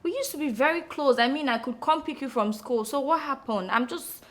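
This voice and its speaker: A woman's voice: high voice, brisk, fairly bright tone. An actress with a Nigerian accent playing a house help who coaxes a child and later mocks her. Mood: coaxing. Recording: music under the dialogue. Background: film score.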